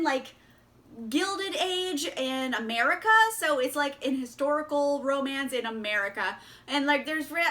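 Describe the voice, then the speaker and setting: A woman's voice: sits high, pushed and bright. Bubbly, giggly woman chatting about books. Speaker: book vlogger. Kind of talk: casual book haul chat.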